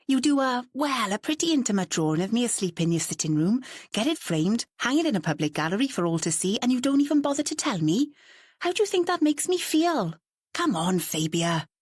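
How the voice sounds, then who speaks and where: A woman's voice: medium pitch, big pitch swings, brisk, hardly any pauses, no echo, clean studio sound. A woman reading the part of a reserved man who is irritated and exasperated, speaking in clipped replies.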